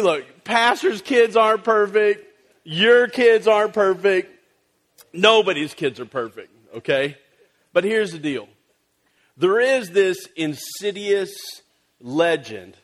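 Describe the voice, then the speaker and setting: Animated pastor preaching a casual sermon. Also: male voice, high-pitched, slow, pauses often. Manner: animated, conversational, many fillers. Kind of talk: storytelling sermon. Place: church service.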